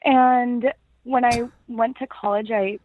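A woman's voice: a little high, fairly even intonation, takes it slowly. Young woman caller over a phone line. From Texas. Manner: nervous laughter, hesitant fillers.

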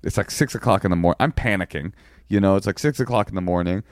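A man co-hosting a podcast, telling a long story in a rambling, halting way with deadpan jokes. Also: low voice, no room sound, studio quality. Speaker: podcast co-host. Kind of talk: casual storytelling chat.

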